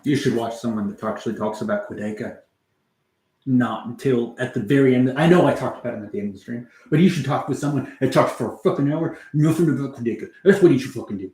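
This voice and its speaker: Man, casual livestream chatter, rambling, offhand swearing, mid-pitched voice, roomy echo. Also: fast talker, a little mellow. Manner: rambling, meandering, swears casually, answers chat. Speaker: music livestreamer. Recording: echoey room.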